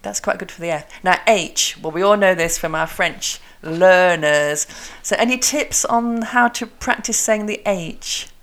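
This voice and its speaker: Slightly low-voiced woman teaching pronunciation. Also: a bit bright. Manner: demonstrating tongue twisters slowly and crisply. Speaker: English teacher, podcast host. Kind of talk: casual teaching chat.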